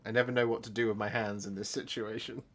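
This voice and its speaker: A man's voice: on the low side, level tone, quick pace, a bit bright, soft background music. A middle-aged man hosting a live stream. He thanks viewers while painting miniatures, gets emotional, laughs often and says thank you again and again. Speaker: channel host.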